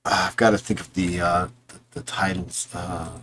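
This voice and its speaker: A man narrating as game master of a tabletop game, halting and full of fillers, briefly voicing soldiers. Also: deep voice, little pitch movement, a bit bright, slight background noise. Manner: hesitant, many restarts and fillers; puts on quick voices for soldiers.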